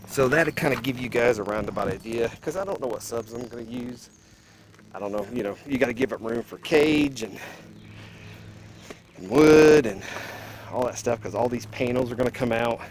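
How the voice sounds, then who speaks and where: A man's voice: medium pitch, background noise. A man out of breath, chatting casually to viewers while walking around a car outdoors and talking about his plans for it. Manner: rambling, plain-spoken, addresses viewers as guys. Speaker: car audio vlogger. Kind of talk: casual walkaround vlog.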